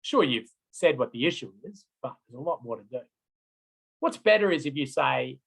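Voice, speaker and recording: Man, gravelly voice, slightly higher pitch, conversational trainer, checks in with listeners. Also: big pitch swings, brisk, rough recording. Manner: conversational, checks in with "right?" and "okay?". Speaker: road safety trainer. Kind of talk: online training lecture.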